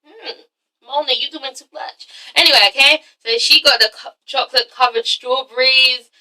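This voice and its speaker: A sassy woman recapping reality TV, swearing freely and punctuating everything with "okay?". Her voice is high and piercingly bright, and she sits some distance from the mic. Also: fairly even intonation, normal speed. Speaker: reviewer, channel host. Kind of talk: casual profane TV-recap vlog.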